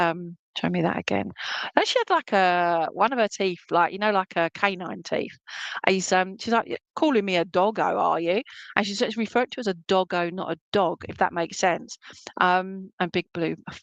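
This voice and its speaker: Lady medium doing an online reading, lowish voice, dry close sound, chatty and fond, lots of ums. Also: normal speed, creaky, fairly bright tone, dry recording, dull audio. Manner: chatty and affectionate, many fillers. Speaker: spiritualist medium. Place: at home.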